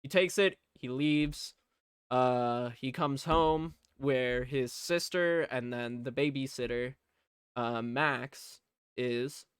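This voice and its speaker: A man's voice: mid-range voice, slow pace, smooth, no echo, clean studio sound. A man recapping a movie in a casual, rambling way, sarcastic and swearing freely. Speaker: movie reviewer.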